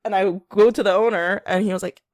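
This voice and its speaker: A woman's voice: medium pitch, fairly quick, no room sound, clean studio sound. A young woman co-hosting a podcast, telling a long story in casual chat, acting out what people said and laughing often. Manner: animated storyteller, acts out quotes, laughs often. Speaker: podcast co-host.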